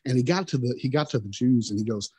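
A man's voice: mid-range voice, fast talker, mellow, slightly rough, dry recording. Folksy Oklahoman man, stammering. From Oklahoma, USA. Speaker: musician guest. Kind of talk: interview chat.

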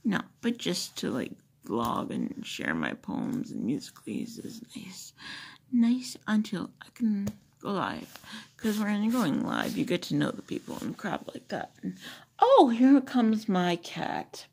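A woman's voice: on the low side, huge pitch swings, unhurried, vocal fry, breathy edge. A woman vlogger chatting loosely to her phone camera, rambling with many fillers and asides. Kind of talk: casual chat to a phone camera.

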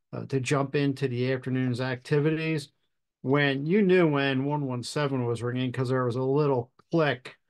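A man hosting a podcast, telling a fire service story in a measured, deliberate way with pauses. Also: medium pitch. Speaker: podcast host and fire officer instructor. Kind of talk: storytelling anecdote.

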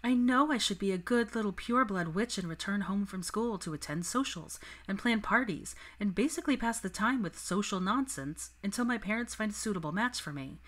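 A woman reading the lines of a refined, headstrong young witch in a crisp, determined manner. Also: mid-range voice, expressive, fairly quick, few pauses, fairly bright tone, voice pushed up. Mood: frustrated.

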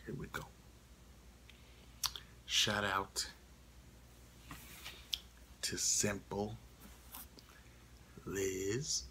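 Guy doing a goofy channel update, slow and lowish, whispers a lot, bit of hiss. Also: little pitch movement, bright, forceful tone, poor audio. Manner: playful, teasing, frequent whispers. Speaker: vlogger.

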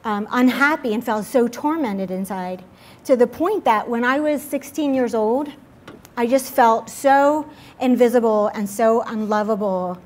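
A woman's voice: a little high, unhurried, a little mellow. A young woman giving an earnest personal testimony at a church service, talking in a confessional way with lots of filler words. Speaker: speaker at a church midweek service.

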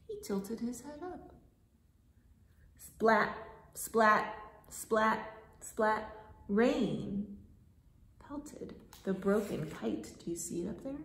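A woman librarian reading a picture book aloud at storytime, very expressive, dropping to whispers and breaking into little songs, in a carpeted classroom. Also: medium pitch, vocal fry, a little hiss or hum. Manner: slow, expressive, drops to whispers, sings. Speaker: children's librarian. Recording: roomy echo.

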